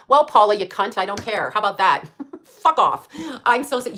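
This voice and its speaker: A woman's voice: mid-range voice, sing-song, moderate pace, a bit bright. A woman in her late fifties hosting her own channel, ranting in a blunt, profane, combative way, rambling and laughing at her own jabs. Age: late 50s. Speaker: channel host. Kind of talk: casual live-stream rant.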